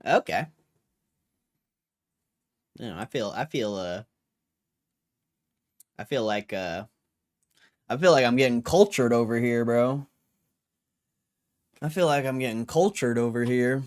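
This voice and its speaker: A man's voice: medium pitch, lively intonation, unhurried, pauses often, a little mellow. A young man hosting a livestream, chatting casually and reading viewer comments with a laid-back, rambling manner full of slang. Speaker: livestream host.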